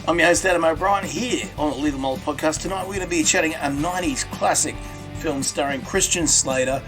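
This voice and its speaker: A man's voice: a little high, a little fast, over music. An Australian man hosting a podcast in a playful, jokey chat. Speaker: podcast host.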